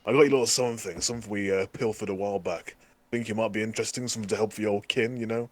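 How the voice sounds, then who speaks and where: A sly goblin merchant, as a player puts him on, laying on fawning sales patter. The voice is lowish, and the recording is dry and close. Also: male voice, steady tone, racing, dry recording, natural voice. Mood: wheedling. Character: male goblin merchant, sly and smooth-talking.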